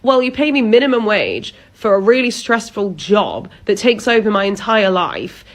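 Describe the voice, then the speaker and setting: A woman playing a blunt, unbothered young British pub worker who talks in a flat, matter-of-fact way. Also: mid-range voice, moderate pace, lightly acted. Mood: deadpan. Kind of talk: comedy sketch acting.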